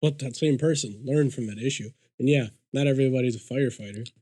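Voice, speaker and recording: Talking fast in a mid-range voice, this man swears his way through an animated anecdote on a podcast, voicing the quotes of the people involved. The recording is dry.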